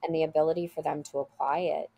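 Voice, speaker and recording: A woman's voice: sits low, fairly even intonation, quick pace, creaky, warm tone, breathy edge, no room sound. A woman school leader, a guest on an interview show, telling a heartfelt story in an earnest, conversational way over a video call. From USA.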